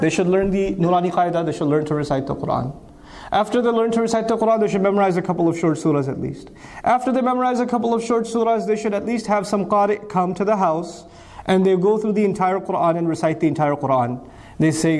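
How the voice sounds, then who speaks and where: A man's voice: high-pitched, a little mellow. A man giving an Islamic lecture, asking rhetorical questions and answering them himself, with emphatic repetition. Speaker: Islamic speaker.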